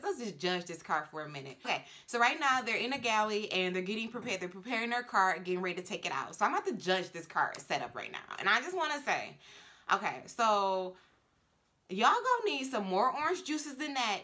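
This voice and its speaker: Chatty bright-voiced woman reacting. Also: mid-range voice. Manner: chatty, filler-heavy, laughing. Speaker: flight attendant reacting to a TV show. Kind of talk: casual reaction commentary.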